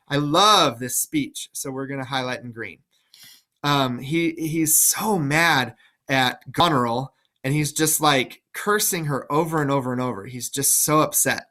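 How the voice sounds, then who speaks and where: Brief: chatty male teacher walking through a play, bright and forceful tone. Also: mid-range voice, measured pace. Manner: chatty, enthusiastic, full of fillers. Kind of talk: casual classroom explanation.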